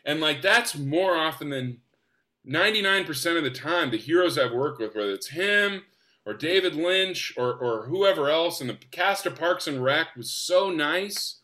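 A young man from the United States, an actor guest, telling stories in an enthusiastic, animated way. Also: fairly high pitch, normal speed. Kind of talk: casual storytelling.

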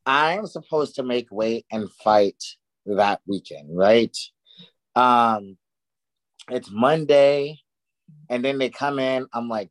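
A man's voice: mid-range voice, slow pace, poor audio. A young man who fights, chatting casually and laid-back, saying "bro" and "dude" a lot. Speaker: fighter, podcast co-host. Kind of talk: casual chat.

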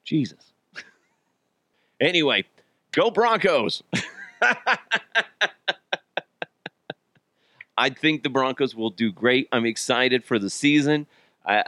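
A man's voice: mid-range voice, a little slow, fairly bright tone, dry recording, clean studio sound. A man hosting a casual solo podcast, rambling and joking at his own expense, swearing freely and laughing often while he's a bit sick. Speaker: podcast host.

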